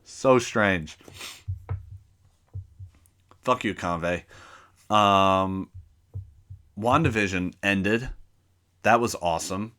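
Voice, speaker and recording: Low, bright-voiced man telling a profane story. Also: takes it slowly, long pauses. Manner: profane, animated anecdote telling with acted-out dialogue. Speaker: podcast host. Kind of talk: casual solo podcast storytelling.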